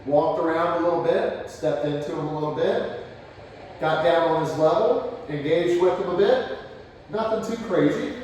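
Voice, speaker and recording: Guy dog trainer, higher voice, explaining as he works, sounds far off in a boomy room. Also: normal speed, slight background noise. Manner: explains calmly, breaks off to praise the dog. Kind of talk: live demonstration with commentary. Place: indoors in a home. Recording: echoey room, voice picked up from afar.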